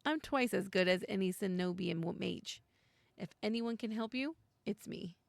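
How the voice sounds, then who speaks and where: A cocky young male mage from a story game, sure of his skill and gently teasing, as a woman reads his lines in her own voice. The voice has a gravelly edge and sounds close and dry, with no room around it. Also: mid-range voice, normal speed, dry recording, lightly acted. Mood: confident. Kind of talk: reading game dialogue aloud.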